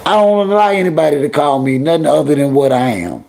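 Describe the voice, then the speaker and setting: A man's voice: a little high, lively intonation, quick pace, vocal fry, a little mellow, slight background noise. A middle-aged man hosting a casual livestream, talking straight to his viewers and chat in heavy slang and scolding them. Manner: heavy slang, drawling repetitions. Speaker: livestream host.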